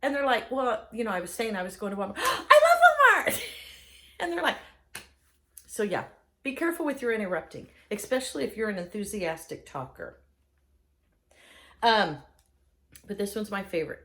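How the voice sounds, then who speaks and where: A middle-aged woman chatting casually as host, an enthusiastic and animated storyteller. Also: mid-range voice, brisk, pauses often. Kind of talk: casual chat.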